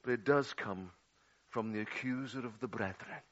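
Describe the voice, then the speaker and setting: A man preaching a sermon, swinging dramatically between loud outbursts and hushed, low passages. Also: moderate pace. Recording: dull lo-fi audio.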